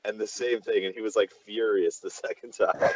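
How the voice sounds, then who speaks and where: A man's voice: lowish voice, fairly even intonation, moderate pace, darkish tone, slightly rough. A young man telling a story casually among friends, laid-back and hesitant. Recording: dry, slightly dull close-mic sound.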